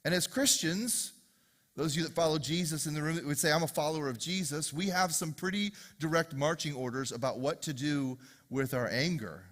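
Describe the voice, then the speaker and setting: Guy preaching at church, jokey chatty storyteller, kinda high voice, big hall echo. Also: a little fast, fairly bright tone. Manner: conversational, joking storytelling with audience asides. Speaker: pastor. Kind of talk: sermon. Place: church sanctuary.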